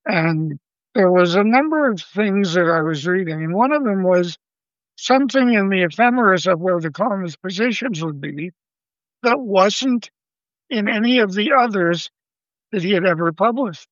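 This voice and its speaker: An older man, a guest astronomer, telling a story in an interview in a measured, vivid way and quoting the people involved. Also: sits high, lively intonation, dry recording. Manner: measured, vivid storyteller who quotes others. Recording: dull lo-fi dry sound.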